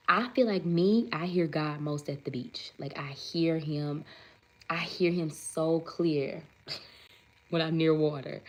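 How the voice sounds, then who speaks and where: A woman in her 30s with a low voice hosts a casual livestream chat, rambling chattily, saying "like" often, and reading viewer comments aloud. The recording is rough.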